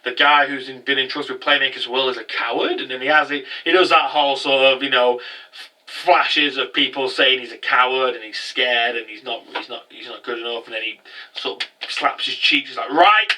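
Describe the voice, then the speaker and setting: Animated man, bright distant voice. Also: mid-range voice, fairly quick. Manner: animated, rambling, breaks into loud incredulous outbursts. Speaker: anime reviewer. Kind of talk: casual episode recap.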